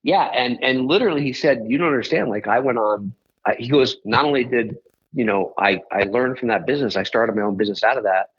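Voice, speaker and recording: A man's voice: mid-range voice, fast, breathy edge, highs cut off. A man, a podcast guest, telling a story in a rambling way and often correcting himself mid-sentence.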